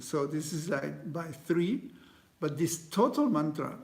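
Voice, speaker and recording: A man leading a guided meditation, speaking gently with many pauses, fillers and restarts, in slightly non-native phrasing. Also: a little high, lively intonation. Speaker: meditation teacher.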